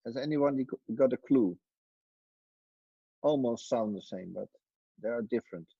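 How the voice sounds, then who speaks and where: A man teaches over a video call, speaking slowly in a husky, slightly rough voice. The sound is dry and dull, as if from a laptop mic. He quizzes his students in a relaxed way. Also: medium pitch, dry recording. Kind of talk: online class teaching.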